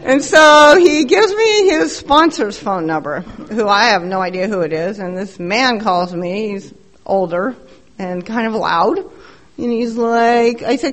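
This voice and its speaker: A woman's voice: a little high, lively intonation, unhurried. Blunt woman sharing her recovery story. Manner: candid, blunt, profane, self-mocking. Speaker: recovery meeting speaker. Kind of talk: personal recovery share.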